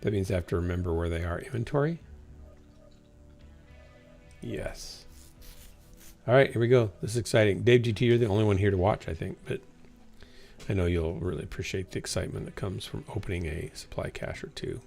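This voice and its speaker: A man's voice: fairly low pitch, brisk, creaky, pauses often, a little mellow, soft background music. A man chatting casually to a small chat while playing a game on a livestream, rambling to himself and sometimes yawning. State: yawning, tired. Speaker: livestreaming gamer.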